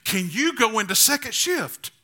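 A man's voice: extremely high pitch, big pitch swings, moderate pace, pushed and bright. A man preaching a sermon as pastor, building to emphatic, repetitive declarations. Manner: repetitive rhetorical phrasing.

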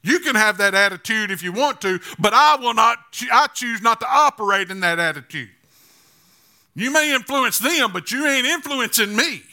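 A man's voice: very high-pitched, expressive, normal speed, bright, forceful tone. A man preaching a sermon as pastor, building to emphatic, repetitive declarations. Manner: repetitive rhetorical phrasing.

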